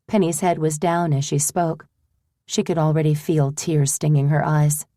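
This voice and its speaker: A woman narrating an audiobook in a measured, even way. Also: low-pitched, no room sound, studio quality.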